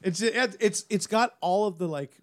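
A man in casual comedic chat, telling stories with quick asides and some swearing. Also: high voice.

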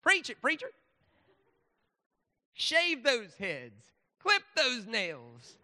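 A man's voice: very high-pitched, huge pitch swings, very slow, sharp tone, in a large hall, pitched above the performer's own voice, heavily acted. A man voicing a fiery, sarcastic Southern preacher with a Southern accent and a brash preaching cadence. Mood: mock preaching.

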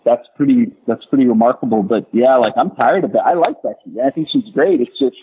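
A man's voice: medium pitch, brisk, breathy edge. A man hosting a casual wrestling podcast chat, giving emphatic, opinionated takes. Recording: tinny phone-like line with faint hiss.

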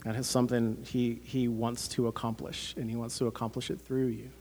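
A man's voice: mid-range voice, flat delivery, fairly quick, darkish tone, a little hiss or hum. A man, preaching a sermon as pastor, earnest and conversational with many fillers.

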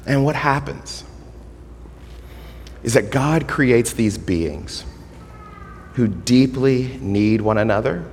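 A man's voice: medium pitch, slight background noise. Male pastor preaching in a reverberant hall. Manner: earnest, builds to emphatic then drops to quiet, drawn-out words. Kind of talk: sermon.

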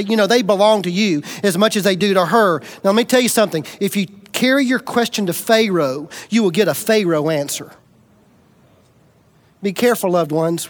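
A middle-aged man from Alabama preaching, telling his own story in an emphatic, confessional way. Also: high voice. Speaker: preacher giving testimony. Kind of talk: sermon testimony.

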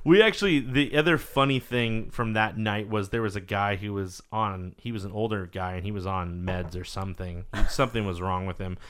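Hombre animado que cuenta anécdotas. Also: male voice, on the low side, moderate pace, few pauses, clear, resonant tone. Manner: animated storyteller, swears freely, acts out quotes. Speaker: podcast host. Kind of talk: casual chat.

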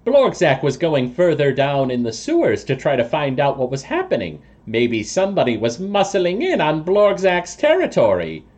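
Man putting on a pompous toad man, high and grand. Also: wildly swooping pitch, moderate pace, few pauses, a little mellow. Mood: scheming. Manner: speaks of himself in third person, high and grand. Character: pompous anthropomorphic toad man, boastful and pleading.

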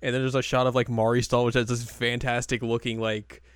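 A man's voice: medium pitch, flat delivery, clean tone, no echo, clean studio sound. Giggly man recapping an episode. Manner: laughs often, acts out characters' lines in quick put-on voices. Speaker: podcast co-host. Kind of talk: casual chat recapping an anime episode.

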